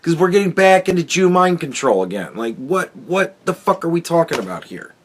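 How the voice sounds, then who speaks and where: A man's voice: fairly high pitch, sing-song, brisk, a little hiss or hum. A man hosting a solo commentary podcast, ranting in a profane, sarcastic, exasperated way. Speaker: podcast host.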